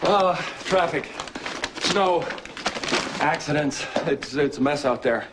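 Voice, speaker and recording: A man's voice: fairly high pitch, background noise. An actor playing a playful, teasing husband and father in a soap opera, talking with affection. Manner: teasing and affectionate, drawn-out jokes.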